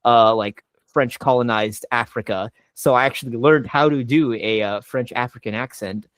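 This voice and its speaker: A man's voice: medium pitch, normal speed, no room sound. A young adult man, a voice actor on a panel, telling stories casually with lots of "like" and restarts. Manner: animated, filler-heavy retelling. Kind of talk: casual storytelling.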